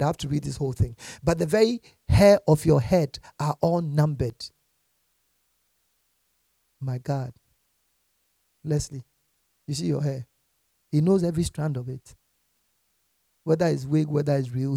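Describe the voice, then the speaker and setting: A man preaching a lively sermon from scripture, laughing often and swinging from quiet asides to shouted exhortations. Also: a little high, vocal fry, slightly rough, dry recording, studio quality. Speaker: pastor.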